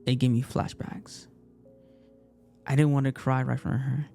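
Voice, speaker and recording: A young man retelling a personal story in an emotional, halting way, repeating himself often. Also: medium pitch, flat delivery, gravelly, mellow, faint music behind. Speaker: casting participant.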